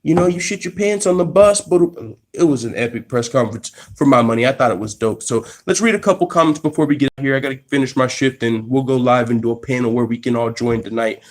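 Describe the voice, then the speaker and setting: A man hosting an MMA live stream from his workplace, telling the story casually in profane slang and restarting sentences as he gets excited. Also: mid-range voice, quick pace. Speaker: MMA channel host.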